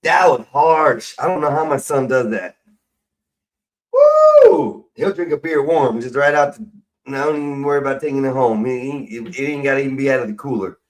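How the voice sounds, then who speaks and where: Middle-aged man, profane rambling rant, casual live stream host, loud bursts then mumbles, mid-pitched voice. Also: fast talker, low-quality recording. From United States.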